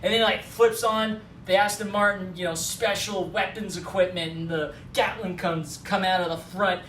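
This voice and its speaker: A man co-hosting a film talk, excitedly retelling a movie scene and acting out the lines, recorded at a distance in an echoey space. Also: high-pitched, moderate pace, soft background music. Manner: animated retelling, acting out quotes. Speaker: co-host. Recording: roomy echo, far from mic.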